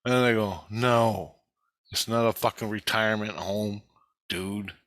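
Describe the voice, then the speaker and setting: Man, rambling agitated storyteller, heavy swearing, bright forceful voice, dry close sound. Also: fairly low pitch, fairly even intonation, measured pace, no room sound. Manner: agitated, profane, quotes others in his own voice. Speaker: vlogger recounting experiences. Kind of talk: rambling first-person story.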